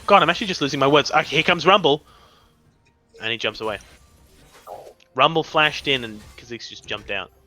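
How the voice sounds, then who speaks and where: A young man commentating a live esports match, excitable and rambling, often tripping over his words. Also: a little high, moderate pace, pauses often, no echo, soft background music. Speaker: esports caster.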